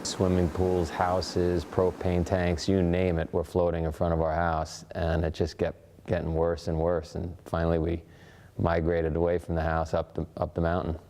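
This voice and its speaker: A man's voice: low voice, monotone, normal speed, warm tone, a little hiss or hum. A man steadily recalling his flooded home in a documentary interview. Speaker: local resident.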